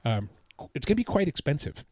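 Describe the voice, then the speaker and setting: A man's voice: a little high, sing-song, fast, a little mellow, no room sound. A man co-hosting a podcast, recounting his trip in a casual, enthusiastic, rambling way. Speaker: podcast co-host. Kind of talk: casual chat.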